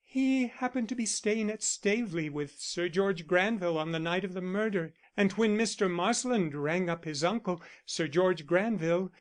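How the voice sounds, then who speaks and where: A stern, composed young woman, as a male audiobook narrator puts her on, firm and matter-of-fact. She is pitched well above his usual voice and sounds clearly higher. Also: close to an everyday voice. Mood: explaining. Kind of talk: audiobook character reading.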